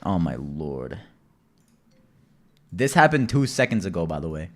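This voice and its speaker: A young man livestreaming casually, telling stories with heavy swearing, loud outbursts and reading out chat messages. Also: deep voice, sing-song, unhurried.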